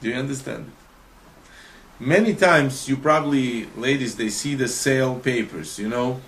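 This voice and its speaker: A man's voice: mid-range voice, a little slow, a bit bright, a little hiss or hum. A man teaching a religious lesson with emphasis, speaking non-native English and often putting questions to his listeners. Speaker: Torah teacher.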